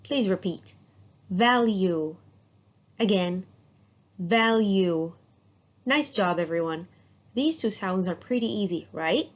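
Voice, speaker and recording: A woman teaching an English phonics lesson, modeling sounds slowly and praising students as they repeat. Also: on the low side, lively intonation. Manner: slow, drawn-out, encouraging drill. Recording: dull lo-fi sound.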